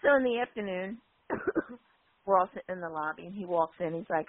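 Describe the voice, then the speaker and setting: A woman's voice: lowish voice, animated, a little fast, no echo. A woman casually telling anecdotes and acting out quoted voices. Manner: chatty, acts out quotes with voices. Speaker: guest storyteller. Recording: dry, phone-like line.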